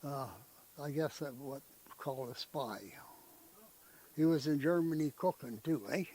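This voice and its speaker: An older man recounts family stories at an unhurried, slow pace. His voice sits a bit high for a man. He talks in a rambling, folksy way and keeps tagging his sentences with "eh?". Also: warm tone, poor audio. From Canada. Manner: rambling, folksy storytelling with frequent "eh?" tag questions. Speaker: interviewee. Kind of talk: storytelling in conversation.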